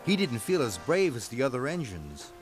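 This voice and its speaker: Male storybook narrator: slow, animated delivery, with music underneath. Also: medium pitch.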